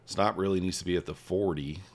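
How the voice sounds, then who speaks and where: A man hosting a trading livestream, casually reading and answering viewer chat while he trades, swinging between hyped shout-outs and quiet muttering. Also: low voice, fairly quick. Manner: hypes viewers, reads chat aloud, shifts from excited shouts to mumbling. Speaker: livestream host, futures trader.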